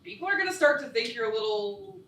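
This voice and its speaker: An actress playing a preachy, big-headed young surfer who lectures a friend. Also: female voice, fairly high pitch, very animated, quick pace, fairly bright tone. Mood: lecturing. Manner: lecturing, smug. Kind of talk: live stage acting. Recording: echoey theatre stage from far off.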